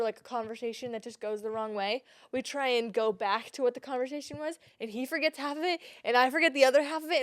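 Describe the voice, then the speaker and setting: A young, pregnant podcast co-host chats casually in a higher register, recorded as a dry studio read with no echo. She tells stories with animation, quoting herself in high emotional bursts.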